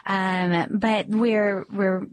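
A woman's voice: medium pitch, flat delivery, drawn-out words. A woman hosting a faith radio show in a studio, chatting in a rambling way and laughing often. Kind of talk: casual faith radio chat.

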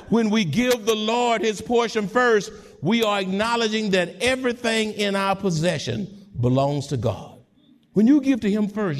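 A man pastor preaching a sermon in call-and-response style, with repeated words and passages that rise to shouting. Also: high-pitched.

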